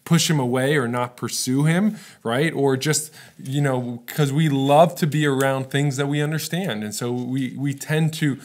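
A male pastor preaches in an easygoing, conversational way, speaking at a mid-range pitch. He keeps checking in with his listeners and stays relatable rather than lofty, like a friend talking through scripture. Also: measured pace, few pauses. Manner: casual, relatable, often checks in with "right?". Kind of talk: conversational sermon.

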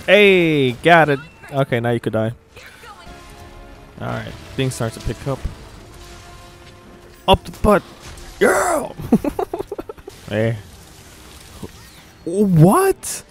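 A man commentating as he plays a game, excitable, exclaiming often and laughing a lot. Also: medium pitch. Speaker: gaming channel host. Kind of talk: live gameplay commentary.

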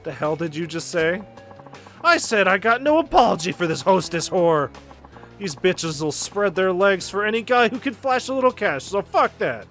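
A man's voice: high voice, animated, normal speed, fairly bright tone, faint music behind. A man voicing a sleazy, rude young male street thug, crude and pushy. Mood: sneering.

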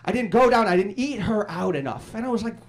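A young man works a comedy club crowd into a stage mic, firing off brash punchlines. His voice sits high for a man and bounces around a lot. He teases the audience between jokes. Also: animated. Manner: brash, rapid-fire punchlines with crowd banter. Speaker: stand-up comedian. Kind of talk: stand-up comedy set.

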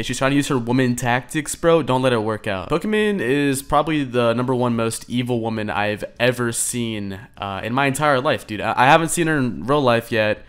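A man's voice: mid-range voice, smooth. A young man streaming reaction commentary, rambling, sarcastic and crude, often swearing. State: out of breath. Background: faint background music.

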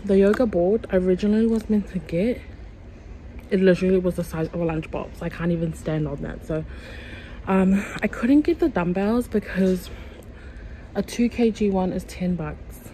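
A woman's voice: mid-range voice, normal speed, dark tone, a little hiss or hum, rough recording. A young woman from Samoa, chatting and joking to her phone camera in a casual vlog. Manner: chatty, laughing, self-mocking asides. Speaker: vlogger.

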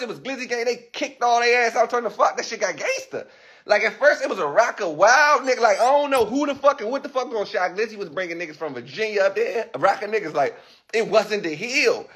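A man's voice: very high voice, lively intonation, a little fast, fairly bright tone. A man with a Washington DC accent, ranting boastfully on a livestream into a handheld phone camera, swearing and laughing often. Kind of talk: rambling livestream rant.

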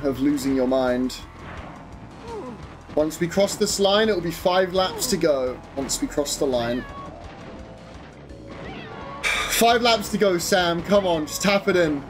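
A young man commentating his own live game stream, excitable, swearing and chatting to viewers over game music. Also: fairly high pitch, takes it slowly, long pauses.

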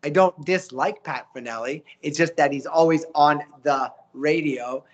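Animated man, voice actor. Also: fairly high pitch, a little slow, highs cut off. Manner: animated, motivational, voices quotes. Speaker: voice actor guest. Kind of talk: casual interview chat.

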